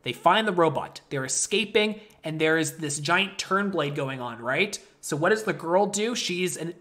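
A man co-hosting a casual movie review podcast, ranting in an animated, worked-up way. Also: on the high side, moderate pace. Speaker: podcast co-host.

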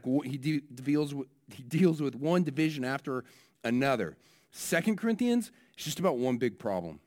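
A man pastor who gives a children's message and then a sermon. He talks in a lively way and keeps asking his listeners questions. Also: medium pitch.

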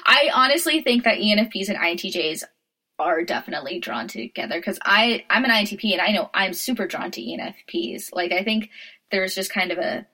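A woman's voice: mid-range voice, lively intonation, brisk, sharp tone. A woman co-hosting a casual podcast chat, laughing often as she talks. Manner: giggly, laughs often mid-sentence. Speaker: podcast co-host.

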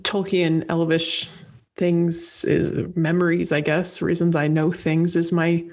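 A woman co-hosting a podcast in casual chat, answering and asking trivia questions in a chatty, warmly enthusiastic and playful way. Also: on the low side, level tone, takes it slowly. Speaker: podcast co-host, quiz contestant.

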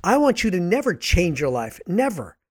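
A hoarse man with a raspy voice, hosting a podcast in an earnest, emphatic scripted motivational monologue. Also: high-pitched, big pitch swings, a little fast, a little mellow. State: hoarse from much speaking. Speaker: podcast host and author.

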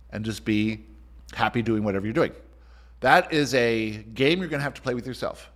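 A man hosting a call as a spiritual teacher, giving a motivational talk in an emphatic, sweeping way that speeds up and slows down. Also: mid-range voice, a bit bright.

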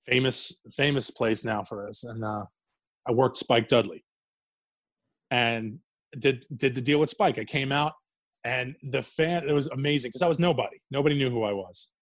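New guy telling stories, cursing a lot and laughing, mid-pitched, dry close sound. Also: normal speed, a bit bright, dry recording. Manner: swears freely, laughs through stories. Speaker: guest, former wrestler. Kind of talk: casual storytelling interview.

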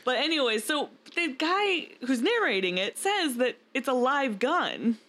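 A woman co-hosting a podcast, chatting casually and laughing often. Her voice is expressive and moves animatedly up and down. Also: sits high, a little slow. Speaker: podcast co-host. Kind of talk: casual chat.

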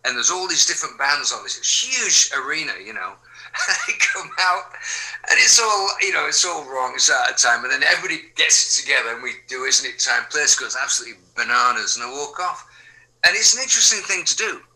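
An older man from England, a musician answering interview questions in a relaxed, rambling way, full of fillers and restarts. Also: mid-range voice, fairly quick, husky, rough recording. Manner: rambling, frequent fillers and restarts, drops to quiet asides. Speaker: musician guest.

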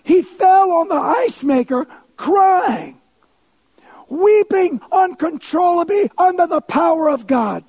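A preacher telling a story in a sermon, animated and funny, breaking into shouts for emphasis and poking fun at himself. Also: male voice, extremely high pitch, slow. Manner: animated, shouts for emphasis, playful self-mocking humor.

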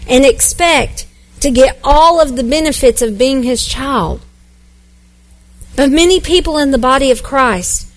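A woman pastor delivers a sermon in a high, bright-sounding voice. She preaches earnestly, repeating phrases and building emphasis as she goes.

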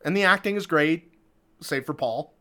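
A man's voice: on the high side, normal speed, bright, forceful tone. A man co-hosting a casual podcast, talking through a movie and a tabletop monster with lots of fillers and restarts. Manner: rambling, filler-heavy, laughs often. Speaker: podcast co-host. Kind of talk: casual chat.

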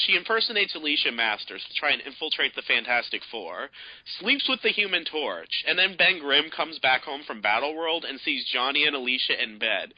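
A man on a podcast, chatting casually in an animated, rambling way with many fillers. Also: medium pitch, no echo. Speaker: podcast co-host. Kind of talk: casual chat. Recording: slightly dull lo-fi sound.

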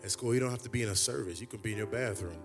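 A man preaching a sermon in a conversational way, repeating phrases and building to loud, emphatic peaks. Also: racing, over loud music. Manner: impassioned, builds to loud high emphatic climaxes.

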